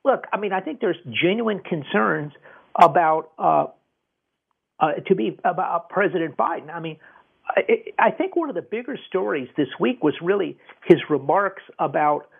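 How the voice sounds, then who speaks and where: A gravelly, husky man with a fairly high voice holds forth on a talk radio show, stumbling over repeated words as he presses his points. The sound is thin and tinny, like a phone line. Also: expressive, moderate pace. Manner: emphatic, repeats words and restarts often. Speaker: radio host. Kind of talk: political commentary on talk radio.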